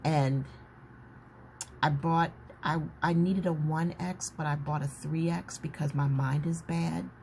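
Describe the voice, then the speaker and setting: Lady chatting to her viewers, low voice, noisy background. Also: steady tone, takes it slowly. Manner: chatty, warm-hearted, talks to viewers as "y'all". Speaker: journaling vlogger. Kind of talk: casual chat. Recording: noticeable background noise.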